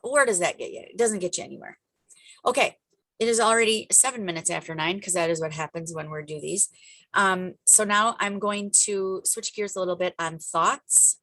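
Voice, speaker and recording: Energetic woman coaching on a video call. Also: on the low side, normal speed, no echo. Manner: energetic, emphatic, chatty with asides. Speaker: business coach hosting a group call. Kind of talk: motivational coaching talk.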